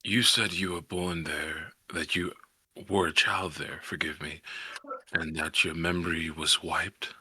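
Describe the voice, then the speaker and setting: A man with a very deep voice talks slowly and hesitantly as his character in a tabletop game, asking questions as he goes. His tone is very bright and sharp, with a husky grain. The recording is dry and close, with faint music underneath. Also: steady tone, no echo. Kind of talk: in-character role-play.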